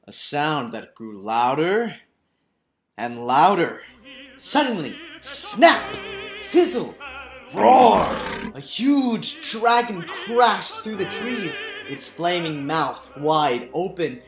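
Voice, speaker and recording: A man, a teacher, reading a storybook aloud with slow, dramatic expression. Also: on the high side, big pitch swings. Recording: roomy room, faint background music.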